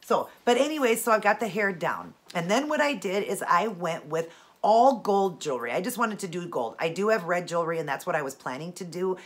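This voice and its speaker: A middle-aged fashion and beauty vlogger, stuffy-nosed from allergies, chats casually at home about her outfit, jewelry and makeup, wandering into many asides. Her voice sits fairly low, with lively intonation and a fairly quick pace.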